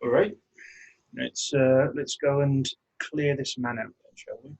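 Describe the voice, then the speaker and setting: A man voicing a weary, gruff city guard with a dry, understated manner in a tabletop game. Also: mid-range voice, steady tone, a little slow, darkish tone.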